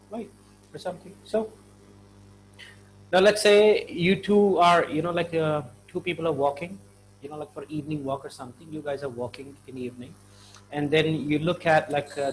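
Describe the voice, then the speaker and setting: A man's voice: on the high side, a little hiss or hum, low-quality recording. A man with an Indian English accent teaching slang in a chatty, informal lesson, full of fillers and acted-out little dialogues.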